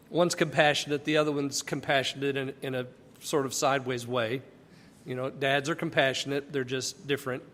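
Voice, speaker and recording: Male Bible teacher, high and bright, conversational and emphatic, long reverb.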